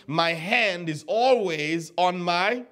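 A man's voice: high-pitched, lively intonation, takes it slowly, a bit bright. A man pastor giving a conversational teaching sermon, telling stories, repeating words and quizzing the congregation.

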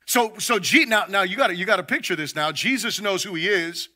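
A man's voice: brisk, few pauses. A man preaching a sermon, emphatic, stumbling over repeated words as he builds each point. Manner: voices quoted figures louder and higher. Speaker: pastor.

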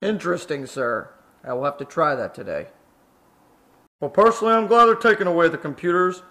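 A man's voice: on the high side, expressive, brisk, background noise, lightly acted. A man's synthesized voice playing a pompous one-eyed fire station commander who demands respect.

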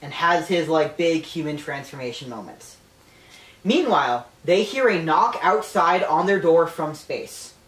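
A woman casually retelling a novel's plot to friends, animated, with frequent swearing and laughter. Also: low voice, measured pace, distant mic. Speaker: podcast co-host retelling a novel. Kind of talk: casual storytelling chat. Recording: roomy, off-mic.

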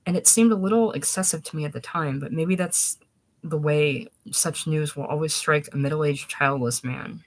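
A man's voice: on the high side, moderate pace, rough recording. A man reading a short story aloud in first-person narration, with a dry, wry storytelling manner. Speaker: audiobook reader.

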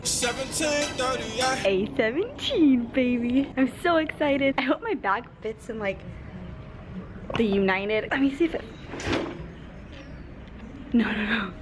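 A woman vlogging casually to camera, bubbly and excitable, often gasping and giggling as she talks. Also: on the high side, slow pace, pauses often. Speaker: vlogger and streamer. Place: home room, then an airport terminal. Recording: noisy handheld vlog audio.

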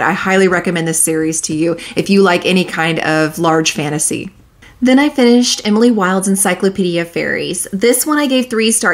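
A woman chatting candidly through her monthly book wrap-up, laughing often as she reviews. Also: fairly low pitch. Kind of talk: casual monthly reading wrap-up.

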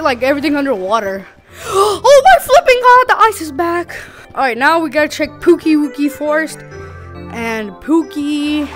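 An excitable gamer with a high voice that leaps up and down, exclaiming and joking through slangy gameplay commentary. She reacts loudly to everything on screen. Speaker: gaming YouTuber.

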